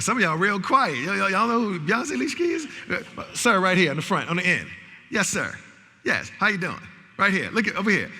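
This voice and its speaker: A man's voice: high-pitched, very animated, fairly quick, sharp tone, a little hiss or hum. A man who is a college professor giving an interactive training talk to a conference audience, calling for responses and repeating phrases to rally the crowd. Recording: long hall reverb.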